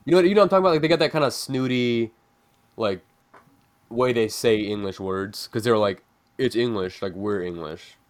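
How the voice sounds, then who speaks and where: This man hosts a podcast with a clear, resonant, medium-pitched voice and a brisk pace. He chats loosely, leaning on "like" again and again.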